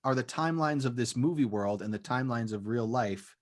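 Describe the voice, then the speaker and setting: A man's voice: mid-range voice, brisk. Rambling male podcast co-host. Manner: rambling, hedging with "like" and "um". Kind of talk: casual chat.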